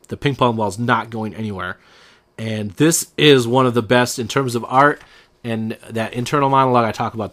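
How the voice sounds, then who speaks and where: A man's voice: mid-range voice, fairly bright tone. A man hosting a comic book show, casually retelling a story with lots of fillers and an enthusiastic, rambling manner. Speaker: comic book podcast host.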